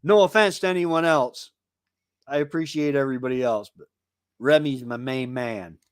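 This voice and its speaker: A man's voice: medium pitch, normal speed, smooth, dry recording, clean studio sound. A man hosting a casual live stream, rambling and chatty as he greets viewers by name from his home.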